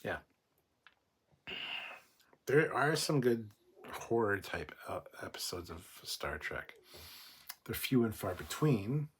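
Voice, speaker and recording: A man's voice: lowish voice, big pitch swings, slow, long pauses, a little hiss or hum. A man hosting a casual livestream, reading viewer comments and rambling into profane rants. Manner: rambling, swears freely, goes off on rants. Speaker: host.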